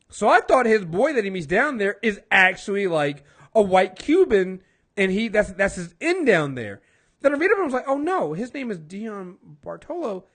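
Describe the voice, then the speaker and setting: A man's voice: sits high, fairly bright tone. A man co-hosting a casual film review podcast, blunt and passionate, repeating words as he gets fired up, and he has been drinking.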